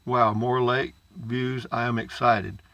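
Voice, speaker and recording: A man's voice: medium pitch, little pitch movement, takes it slowly, a bit bright, no room sound. An older man talking in a folksy, repetitive way on a casual vlog from a lakeside campground, handing out life advice. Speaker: vlogger. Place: campground at a lakeside state park.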